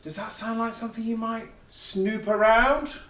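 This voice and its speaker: A man's voice: extremely high pitch, steady tone, moderate pace, fairly bright tone. A man leading a children's music lesson, playful and cheerful, asking the young audience questions as he goes. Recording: echoey room, mic at a distance.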